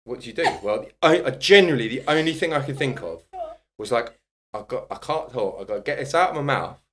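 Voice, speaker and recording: A man with a mid-range voice talks quickly over a slight hiss or hum. He's a personal trainer guesting on a podcast, spinning a casual anecdote full of swearing and laughter in an animated way.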